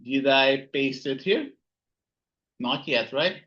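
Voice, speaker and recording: Slow, bright-voiced male physics lecturer. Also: mid-range voice, expressive, muffled recording. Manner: repeats key words, frequent "right?" and "here you go". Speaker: physics instructor. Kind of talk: recorded lecture while writing notes.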